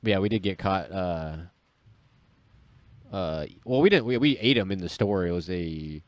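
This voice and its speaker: A man's voice: low-pitched, animated, measured pace, no echo. A young man with a stuffy nose, co-hosting a podcast and telling rambling stories full of restarts and acted-out quotes. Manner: rambling storyteller, many restarts and quoted voices. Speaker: podcast co-host. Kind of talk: casual chat.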